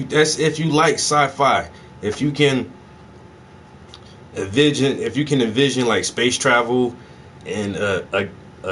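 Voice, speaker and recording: A man from South Carolina, talking casually in an excitable, profane monologue full of slang. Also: mid-range voice, slight background noise. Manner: profane, excitable, peppered with "yo" and "bruh". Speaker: host.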